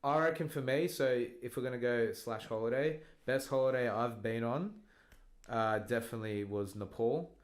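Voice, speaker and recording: A man's voice: medium pitch, moderate pace. A man hosting a podcast, chatting casually and dropping short, encouraging replies. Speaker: podcast host.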